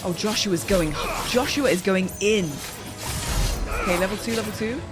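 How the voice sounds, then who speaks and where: A woman giving casual, excitable let's-play commentary, yelling and laughing at the game as she plays. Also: mid-range voice, moderate pace. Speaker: gaming streamer. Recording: game music playing under voice. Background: game music.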